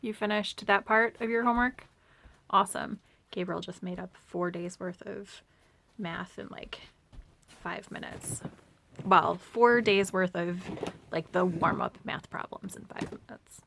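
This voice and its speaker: A woman's voice: lowish voice, unhurried, creaky, a bit bright, slight background noise. A woman chatting casually at home in a vlog, rambling and sometimes dropping to a near-whisper. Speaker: vlogger and homeschooling mom.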